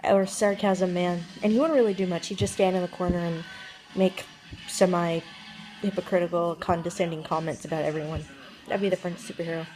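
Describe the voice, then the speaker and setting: A woman's voice: on the low side, fairly even intonation, a little fast, darkish tone, faint music behind, low-quality recording. A woman vlogger musing aloud in a casual, jokey monologue, rambling and trailing off as she thinks.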